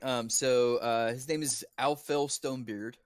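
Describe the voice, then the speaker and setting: A man narrating as dungeon master, halting and full of fillers. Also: medium pitch, steady tone, crowd noise. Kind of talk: improvised game narration.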